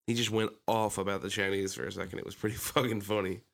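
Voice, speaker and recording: A man's voice: lowish voice, fairly even intonation, quick pace, gravelly, fairly bright tone. A man with a Philadelphia accent, co-hosting a casual podcast chat, swearing and joking, slipping into mocking impressions. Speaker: podcast co-host.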